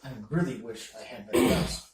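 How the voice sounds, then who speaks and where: A man's voice: medium pitch, brisk, a little mellow. A man playing a tabletop game, joking around and swearing freely. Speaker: player. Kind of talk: casual tabletop game chat. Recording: roomy, distant mic with faint noise.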